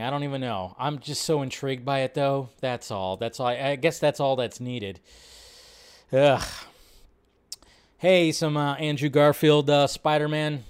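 A man's voice: medium pitch, smooth. A man hosting a casual live stream, rambling about movies, swearing freely, reacting to chat and laughing often.

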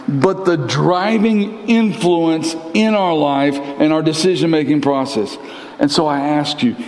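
Animated preacher in a reverberant church. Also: male voice. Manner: animated preaching with big pitch swings, repeats words for emphasis. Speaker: pastor. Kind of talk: sermon. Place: large church sanctuary. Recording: long church-hall reverb.

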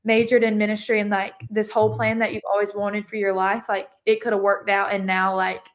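A woman's voice: mid-range voice, flat delivery, a little fast. A young woman, sharing her testimony as a podcast guest in a casual, chatty way full of "like". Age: young adult. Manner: chatty, heavy use of "like" fillers.

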